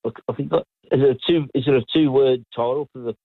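An Australian man calling in to a radio quiz, friendly and quick, asking for a hint. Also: mid-range voice, vocal fry, husky, no echo. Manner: friendly, quick, asks for hints. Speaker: caller. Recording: tinny phone line.

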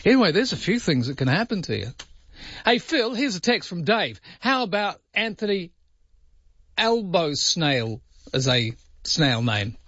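A man hosting a radio show in casual chat, musing aloud with quick jumps up in pitch on his asides. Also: sing-song, fairly bright tone, breathy edge, no room sound, highs cut off. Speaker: radio host.

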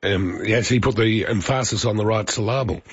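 A man's voice: lowish voice, fairly quick, slightly rough, no room sound, muffled recording. A man with an Australian accent hosting breakfast radio, telling stories and trading jokes with callers. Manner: jokey, chatty storyteller. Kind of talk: casual radio chat.

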